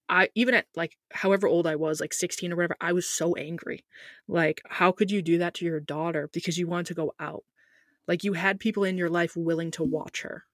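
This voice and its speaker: A young woman talking as a podcast guest in casual chat, animated and talkative, saying "like" a lot. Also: lowish voice, no room sound, clean studio sound. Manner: animated, talkative, heavy use of "like".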